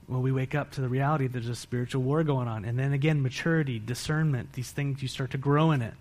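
A man's voice: medium pitch, fairly even intonation, a little fast. A man giving a sermon as pastor, earnest and emphatic, with repeated phrases and rhetorical questions to the congregation.

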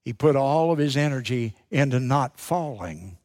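A male pastor preaching a sermon with emphatic, dramatic pauses, repeating key phrases for effect. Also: mid-range voice, lively intonation, darkish tone.

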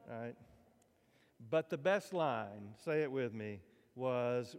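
A man's voice: fairly high pitch, measured pace, clear, resonant tone. A man preaching a sermon as pastor, in a conversational, folksy way, with asides to the congregation. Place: church sanctuary. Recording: church hall reverb.

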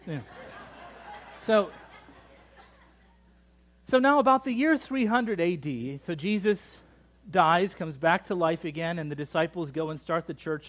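Guy preaching in church, high-ish voice, jokey and lively with the crowd. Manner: lively, joking, engages the congregation. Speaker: pastor. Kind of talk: sermon.

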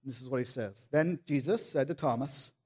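A man preaching a sermon, animated, acting out quoted voices and dropping to soft pleading. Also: medium pitch, normal speed, husky. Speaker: pastor.

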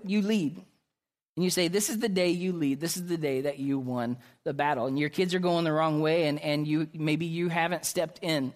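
A man preaching a sermon as pastor, emphatic and repetitive, his intensity rising and falling. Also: a little high.

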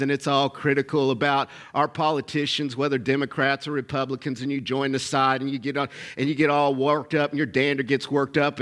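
Male pastor, middle-aged, high tenor, preaching with punchy repetition and call-outs to the crowd. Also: fairly bright tone. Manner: emphatic, repetitive, calls for audience responses. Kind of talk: sermon.

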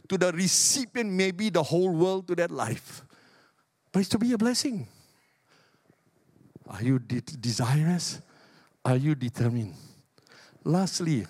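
An older pastor with a Singaporean English accent preaches a fervent sermon in a fairly high voice. He swings from ringing calls to hushed, low asides. The sound is close and dry, with no room echo. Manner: emphatic preaching that swings between loud high exhortation and soft low asides.

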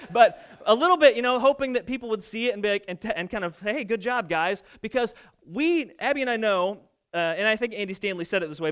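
A pastor in his thirties delivers a sermon, weaving in homey stories about his family. His voice sits high for a man and rings smooth and clear. He talks in a relaxed, conversational way and pokes fun at himself. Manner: conversational, self-deprecating storytelling. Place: church stage.

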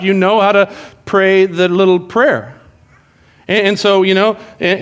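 A man preaching a sermon, telling stories in an animated way and acting out the people in them. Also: high voice. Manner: animated storytelling, acts out prayers. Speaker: pastor.

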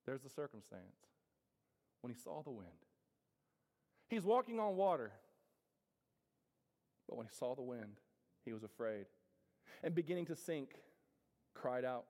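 A man preaching a sermon to his congregation, swinging from loud declarations to hushed, drawn-out lines. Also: medium pitch, animated. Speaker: pastor. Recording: reverberant hall.

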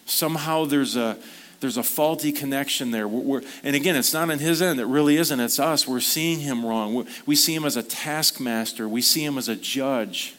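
A male pastor delivering a sermon in a church service at a medium, everyday pitch. He talks in an earnest, conversational way, weaving personal stories into his preaching. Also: normal speed, a bit bright.

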